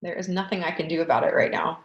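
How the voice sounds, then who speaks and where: A woman's voice: lowish voice, fast talker, gravelly, reverberant, dull audio. A woman coaching a group webinar through a tapping session, leading repeated affirmations in an emphatic voice and sighing along. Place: home, on a webinar. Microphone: video call webcam.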